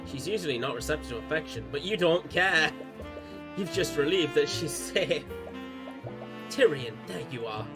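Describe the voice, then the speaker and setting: A man playing through a story game, reading the text aloud and cracking excited jokes about it. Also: on the high side, normal speed. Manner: excitable, jokey, laughs at the story. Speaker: gaming YouTuber. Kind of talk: let's play commentary and reading aloud. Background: game music.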